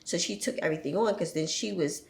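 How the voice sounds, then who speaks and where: Woman in her forties, low gravelly voice, lively storytelling with frequent laughter, roomy echo. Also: fast talker. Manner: animated storytelling, laughs often. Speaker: podcast guest, entrepreneur and single mother. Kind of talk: casual chat.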